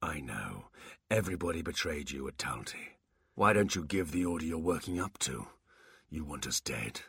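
Man doing a bored old warlock demon, deep, dry, slow, half-whispered. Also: fairly even intonation, husky, no echo, heavily acted. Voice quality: quiet, low, at times whispered. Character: ageless warlock demon, weary, dry, superior.

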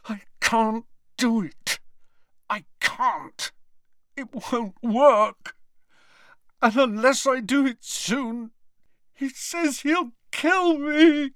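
A desperate, frightened teenage schoolboy, as a man voices him in a storybook reading. The voice is strained and tearful, pitched above the reader's own and dragging slowly. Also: fairly bright tone, smooth, no room sound, clean studio sound, heavily acted. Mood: despairing.

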